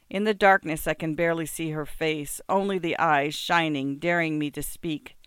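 Smooth clear storyteller reading a first-person novel, steady and measured, dry close sound. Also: medium pitch, no room sound. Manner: measured, descriptive, smooth delivery. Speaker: narrator.

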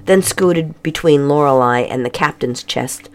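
A woman reading a children's adventure story aloud with expressive storytelling. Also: a bass voice, unhurried, few pauses. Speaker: narrator.

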